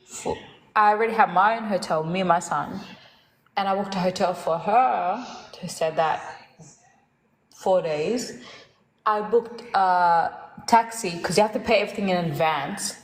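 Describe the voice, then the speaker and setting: Woman host, lively self-mocking storyteller, roomy echo. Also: mid-range voice, unhurried. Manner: animated, laughs at herself, acts out quoted voices. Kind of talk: casual storytelling chat.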